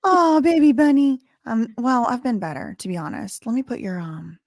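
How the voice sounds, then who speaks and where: A woman's voice: fairly high pitch, moderate pace, creaky, no echo, studio quality. A woman with a Southern American accent hosting a casual livestream, thinking aloud with lots of fillers. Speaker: livestream host.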